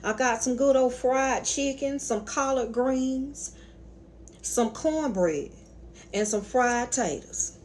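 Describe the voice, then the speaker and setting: A woman's voice: sits high, slow, a little mellow, a little hiss or hum, pitched above the performer's own voice. A woman doing a homey old Southern conjure cook. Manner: folksy drawl listing dishes.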